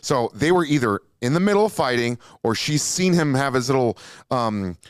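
A podcast host from Minnesota tells a heavily profane story at a moderate pace, his clear, resonant voice swinging widely in pitch as he acts out what people said. The recording is close and dry with no room sound, and his manner is casual and animated.

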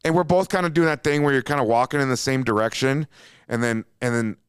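A Minnesota man hosts a podcast, talking quickly in a clear, resonant, medium-pitched voice with no echo and studio-quality sound. Animated and profane, he tells a long story casually and jumps into quotes he acts out.

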